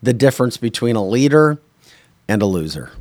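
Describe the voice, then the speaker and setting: A man hosting a casual political talk podcast, blunt and opinionated, rattling off quick asides. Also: medium pitch, big pitch swings, darkish tone, no room sound. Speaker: podcast host.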